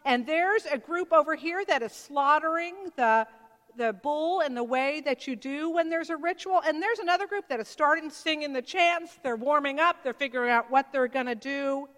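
High-voiced woman preaching in a hall. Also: moderate pace. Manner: animated storytelling, acting out voices. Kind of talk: sermon. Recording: long reverb of a large hall.

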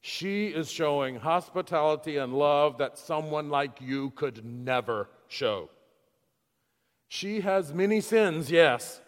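A patient, loving teacher figure speaks in slow, measured words, firm but tender, brought to life by a male preacher. His voice carries a long reverb from a large hall. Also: on the high side.

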